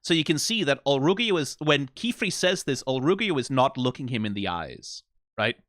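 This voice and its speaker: A man hosting an anime reaction, talking in casual, animated commentary, often asking "right?" and laughing. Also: mid-range voice, normal speed, dry recording, studio quality.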